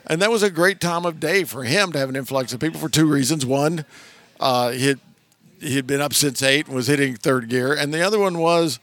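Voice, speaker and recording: A man's voice: a little high, a little fast, a bit bright, no room sound. A man with a Southern American accent telling stories in conversation, often restarting sentences and acting out quoted voices. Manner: anecdotal, acts out quoted voices, frequent restarts. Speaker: guest. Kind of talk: storytelling conversation.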